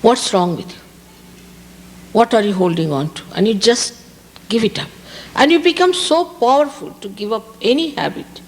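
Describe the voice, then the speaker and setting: A woman's voice: on the high side, animated, moderate pace, long pauses, in a large hall. A woman from India, giving a spiritual talk to an audience and stressing her points by repeating key words. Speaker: spiritual teacher. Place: outdoor park gathering.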